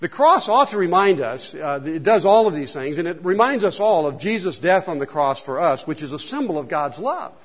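A man's voice: a little high, big pitch swings, normal speed, hardly any pauses, a bit bright. A male pastor preaching a casual, joking sermon and asking the congregation questions, recorded in a church hall. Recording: dull sound with long hall reverb.

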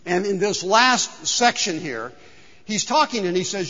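A male pastor preaching a conversational, animated sermon and drawing in his congregation, recorded in a church hall with long reverb on a dull, muffled recording. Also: high voice, unhurried.

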